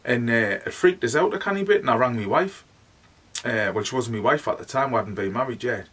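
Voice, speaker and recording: A man with a Northeast English accent recounts his experiences in a loose, rambling way. His pitch sits in a middle range, and he talks casually with plenty of "like". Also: expressive, a little fast, a bit bright, breathy edge, recorded from a distance. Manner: rambling, chatty, full of "like". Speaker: medium. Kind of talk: casual storytelling monologue.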